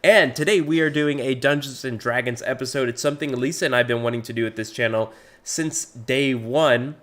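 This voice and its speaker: A man's voice: mid-range voice, brisk, a bit bright. A man hosting a livestreamed tabletop game, talking in a playful, goofy way. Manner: playful, goofy, laughing a lot. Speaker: host. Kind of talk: casual chat hosting a livestream.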